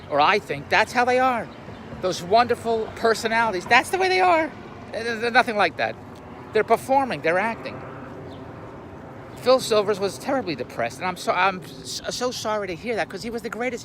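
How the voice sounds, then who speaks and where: Older man, blunt and gruff, rambling rant to camera; a lively voice that swings high and low, with faint street noise outdoors. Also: normal speed. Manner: gruff, blunt, laughs at his own jokes, repeats words. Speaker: YouTube commentator. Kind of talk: rambling opinionated monologue. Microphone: camera on a tripod.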